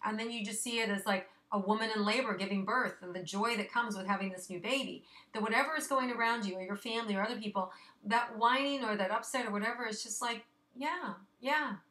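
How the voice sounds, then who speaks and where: Woman, astrology forecaster, bright tone, chatty, reassuring, a bit breathless. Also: mid-range voice, fairly even intonation, fast. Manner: chatty, reassuring, many fillers. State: a little out of breath. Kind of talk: casual monthly astrology forecast.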